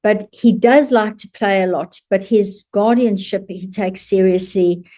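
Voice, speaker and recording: A woman speaking to camera in a mellow, warm voice at a middle pitch. She is an animal communicator, and she tells her story in a chatty, amused way, often breaking into laughter. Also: unhurried.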